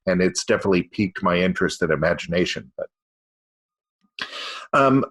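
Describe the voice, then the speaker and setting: A man's voice: low voice, animated, fairly quick, fairly bright tone. A male podcast host from California, asking questions in an easygoing way with hesitant ums. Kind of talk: casual interview chat.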